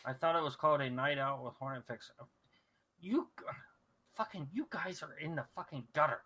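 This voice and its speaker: Host, male, bright cutting voice a touch high, loose rambling profane banter. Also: fairly quick, slight background noise, rough recording. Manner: rambling, profane, with many restarts and fillers. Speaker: radio show host. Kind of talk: casual crude talk radio banter.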